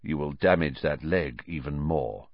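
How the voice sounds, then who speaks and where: A man voicing a gaunt escaped male prisoner, speaking low, quiet and hoarse. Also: unhurried, no echo, highs cut off, heavily acted. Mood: quiet threat.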